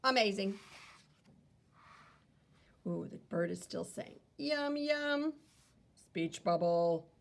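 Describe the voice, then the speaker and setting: A woman's voice: fairly low pitch, fairly even intonation, takes it slowly, gravelly, long pauses. A woman teacher reading a picture book aloud to children, wondering aloud and explaining as she goes.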